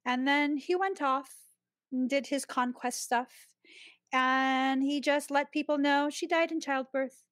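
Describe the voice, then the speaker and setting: A woman hosts a podcast, recounting a personal story in a casual, expressive way with frequent laughter. Her voice sits a little high. The recording is dry and close. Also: a little slow, dry recording. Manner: chatty and expressive, laughs often while telling a story. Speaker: podcast host.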